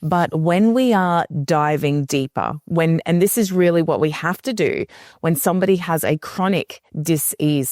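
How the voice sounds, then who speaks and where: A woman's voice: low-pitched, dry recording, studio quality. A woman speaking as a podcast guest, explaining in an earnest, conversational way and livening up when she retells what people told her. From Australia. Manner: earnest, animated when retelling clients' words.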